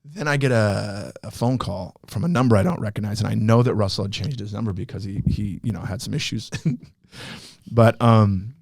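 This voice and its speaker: A man's voice: on the low side, normal speed, vocal fry, dry recording, studio quality. A man, a stand-up comedian, telling stories in casual chat and acting out the lines he quotes. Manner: animated, acts out quoted lines. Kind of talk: casual storytelling.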